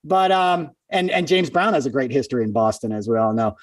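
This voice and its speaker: A man, a comedian and guest, telling quick, animated backstage stories in a casual interview. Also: mid-range voice, no echo, distant mic. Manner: animated storyteller, quick asides. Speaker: comedian and podcast host, guest. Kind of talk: casual phone-in interview storytelling.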